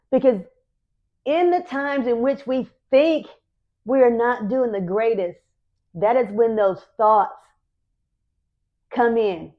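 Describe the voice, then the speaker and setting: A woman's voice: on the high side, takes it slowly, pauses often, highs cut off. A middle-aged woman hosting a podcast, giving an earnest, encouraging faith talk and repeating her key phrases for emphasis. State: emotional, near tears. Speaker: podcast host.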